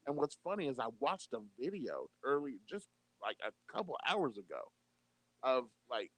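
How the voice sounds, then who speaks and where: A man's voice: mid-range voice, moderate pace, no echo. A man co-hosting a casual chat show, telling stories with heavy swearing and acting out the people he quotes. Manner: animated storytelling, heavy profanity, acts out quotes. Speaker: podcast co-host.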